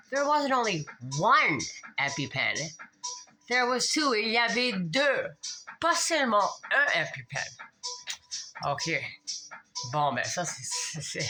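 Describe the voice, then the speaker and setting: A woman's voice: mid-range voice, sharp tone, poor audio. A woman vlogger telling a meandering personal story, drifting between English and French with many fillers. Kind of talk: rambling personal storytelling vlog.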